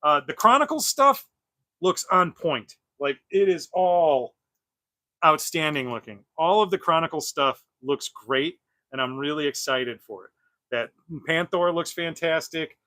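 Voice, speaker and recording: A man hosts a casual toy-collecting livestream, chatting while he unboxes, rambling with lots of fillers and restarts and laughing often. His voice is a little high, bright and forceful, expressive and a little slow. The recording is dry.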